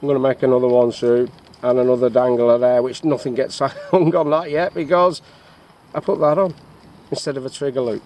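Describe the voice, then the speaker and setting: A man's voice: mid-range voice, fairly even intonation, brisk, a little mellow, slight background noise. A man casually talking through his bushcraft gear outdoors, rambling a little with frequent fillers. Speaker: bushcraft vlogger. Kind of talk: casual show-and-tell of gear. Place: outdoors in the countryside.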